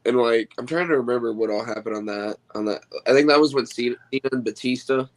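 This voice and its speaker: A man who wrestles, talking casually and excitedly about his favorite matches as a guest on a stream. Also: medium pitch, fast talker, rough recording. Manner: rambling, excitable fan talk. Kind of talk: casual podcast chat. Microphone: remote call mic.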